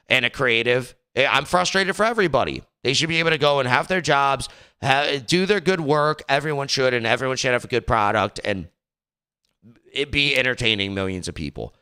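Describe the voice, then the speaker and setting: A man's voice: medium pitch, animated, fairly quick, sharp tone, clear, resonant tone. A young man hosting a podcast in casual talk, rambling and exasperated, slipping into mocking voices. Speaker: podcast host.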